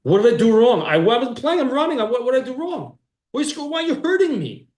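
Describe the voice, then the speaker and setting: A man voicing a frightened, crying small child, pitched up high. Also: very animated, fast, darkish tone, roomy sound. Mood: upset.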